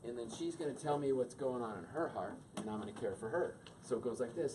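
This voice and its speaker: A man leads a couples' workshop, chatting with the room and tossing questions to his audience. His voice sits at an ordinary pitch. It is caught by a distant mic with a steady wash of background noise. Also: fast, few pauses. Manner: conversational, quizzes the audience. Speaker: marriage workshop speaker. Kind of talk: teaching a couples' class.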